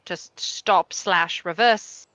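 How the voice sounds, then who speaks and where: A woman playing her character in a tabletop game, flat and exasperated. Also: on the low side, slow, muffled recording. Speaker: player.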